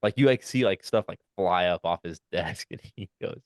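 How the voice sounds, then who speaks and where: Deep-voiced young man telling stories. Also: normal speed, no room sound, clean studio sound. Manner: animated storytelling, acts out quotes in loud high voices. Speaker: podcast co-host. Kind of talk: casual chat.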